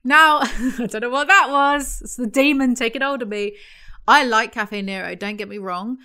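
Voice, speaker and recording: A young woman from England with a London accent delivers a sarcastic, swearing commentary rant. Her voice is bright and fairly high. She talks in an animated, casual way. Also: normal speed. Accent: London English. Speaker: commentary YouTuber.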